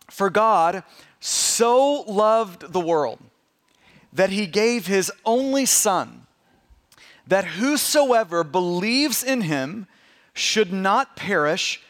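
This pastor's high voice rings with a long reverb tail as he preaches emphatically, swelling and then dropping into hushed tones to stress his points. He frequently repeats and restarts words.

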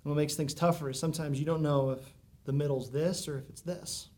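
A man's voice: a little high, steady tone, brisk, a little mellow. Conversational man preaching a sermon. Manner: conversational preaching with many asides. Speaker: pastor.

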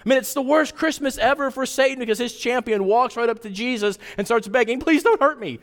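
A man preaching a sermon as pastor, animated, swinging from loud emphatic peaks to hushed intense asides. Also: extremely high pitch, a little fast, big-room sound.

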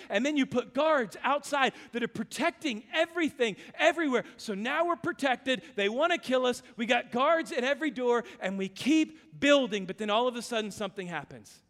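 A man from Louisiana preaching a sermon, telling stories and swinging between loud urgent calls and hushed, low passages. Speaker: pastor. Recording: long hall reverb.

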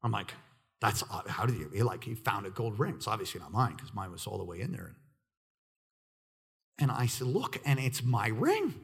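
A middle-aged male pastor preaching through a personal story, acting out the people in it and swinging between loud excitement and hushed quiet. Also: on the low side, normal speed, creaky, slightly rough. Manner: animated, acts out quoted voices, swings from loud excitement to hushed near-whisper. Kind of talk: sermon storytelling.

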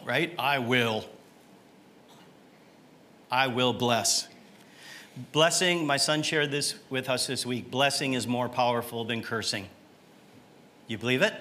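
A middle-aged man preaching from the pulpit, slow and deliberate in pace. His voice is bright and forceful. He keeps putting questions to the congregation and tags his points with a quick "right?". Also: medium pitch. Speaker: pastor. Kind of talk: sermon.

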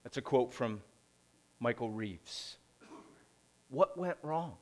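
A middle-aged man preaching a conversational sermon, posing rhetorical questions and pausing deliberately. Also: mid-range voice, lively intonation, darkish tone. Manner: slow, deliberate delivery with pauses. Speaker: pastor.

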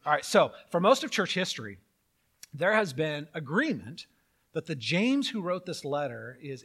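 A middle-aged man preaching a sermon as pastor, animated and joking, with mock-outraged asides. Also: a little high.

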